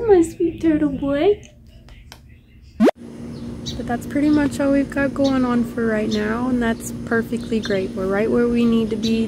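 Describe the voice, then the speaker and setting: Slow, soft-cooing woman vlogger. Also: fairly high pitch, background noise. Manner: coos in soft baby talk to her pets. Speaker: pet-keeping vlogger. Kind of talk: casual vlog chat.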